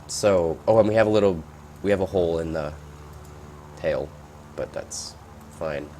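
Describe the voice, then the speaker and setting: A man giving casual, rambling gameplay commentary, reacting out loud and swearing at surprises. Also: sits low, a little slow, a little hiss or hum.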